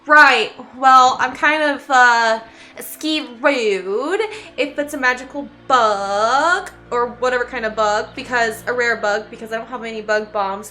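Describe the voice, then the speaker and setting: A woman with a fairly high, sharp voice streams a game and chats casually with her viewers. She's giggly and talkative, and she coos baby talk at her cat.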